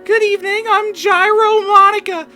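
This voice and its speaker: A gaming streamer voicing a frantic, cheerful schoolgirl club leader in a high, shrill falsetto while reading a visual novel aloud. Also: flat delivery, moderate pace, sharp tone, faint music behind. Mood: puzzled. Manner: shrill and theatrical.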